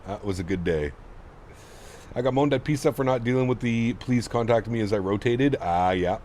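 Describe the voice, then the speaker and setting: A man's voice: on the low side, expressive, moderate pace, a little mellow, a little hiss or hum. A man streaming a flight simulator, chatting casually and joking with his viewers. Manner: joking, chatty, talks to chat. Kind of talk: casual live-stream chat.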